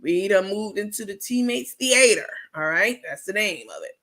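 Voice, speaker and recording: A woman's voice: mid-range voice, lively intonation, normal speed, fairly bright tone. A woman hosting a casual late-night livestream, sassy and salty, laughing often and answering viewer comments as she goes. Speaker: livestream host.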